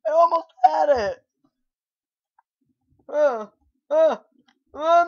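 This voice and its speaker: A young man giving gameplay commentary, raging and swearing as he yells at the game. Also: very high voice, very slow, pauses often. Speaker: gamer. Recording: lo-fi dull recording.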